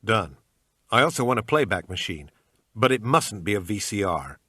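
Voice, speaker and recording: A man's voice: on the low side, sing-song, normal speed, bright, forceful tone, slightly rough, dry recording, studio quality, heavily acted. A man voicing a terse male agent who haggles in a bad put-on American accent. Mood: clipped. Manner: clipped, businesslike.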